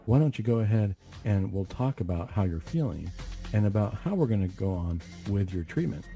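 A man's voice: lowish voice, animated, fairly quick, dark tone, faint music behind. A middle-aged man hosting a talk radio show, earnestly retelling a tense encounter with a patient, with frequent restarts. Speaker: radio show host and clinician.

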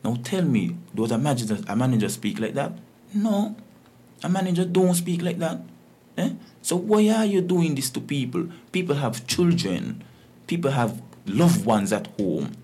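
A man's voice: fairly high pitch, animated, normal speed, dark tone, husky. A man, a guest on a talk show, complaining emphatically, repeating himself and stammering. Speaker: call-in guest. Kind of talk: heated complaint.

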